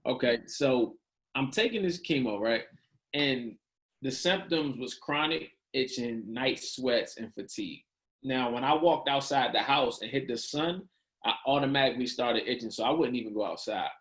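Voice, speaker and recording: A man's voice: medium pitch, moderate pace. Man telling his story, casual slang. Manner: animated, acts out quoted dialogue, casual slang. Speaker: podcast guest. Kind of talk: candid storytelling in an interview.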